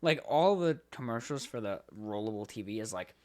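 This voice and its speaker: A man's voice: on the low side, animated, normal speed. A young man co-hosting a casual podcast, joking, swearing and laughing often. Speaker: podcast co-host. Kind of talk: casual chat.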